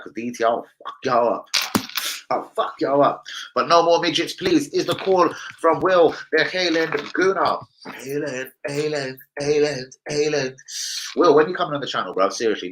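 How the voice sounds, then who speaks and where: A young man hosting a casual live football chat, brash and jokey, swearing a lot and swinging between loud outbursts and low muttering. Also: a little hiss or hum, low-quality recording. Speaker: livestream host.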